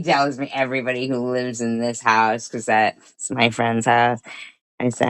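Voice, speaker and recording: Woman, very low voice, dry close sound, rambling, swears, casual vlog. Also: little pitch movement, unhurried, smooth, no room sound. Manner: rambling, swears, laughs often. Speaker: vlogger. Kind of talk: casual rambling story to camera.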